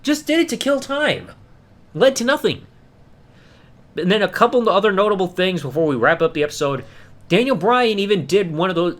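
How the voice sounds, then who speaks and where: Male podcast host, slightly high voice, lively pitch, ranting review banter. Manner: animated, ranting, mocking voices. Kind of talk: casual review commentary.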